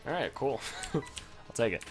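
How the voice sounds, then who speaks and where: A man's voice: medium pitch, sing-song, normal speed, soft background music. A man casually rambling and swearing as he talks over his gameplay footage, poking fun at himself along the way. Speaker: gaming video host.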